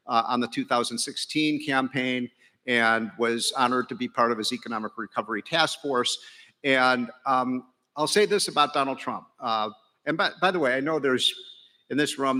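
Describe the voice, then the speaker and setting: A man's voice: medium pitch, sharp tone. A middle-aged man, an economist, giving a joking, folksy speech to a large breakfast crowd, with many fillers and restarts. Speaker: keynote speaker, economist. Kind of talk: after-breakfast speech with jokes. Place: large banquet hall. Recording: reverberant hall PA.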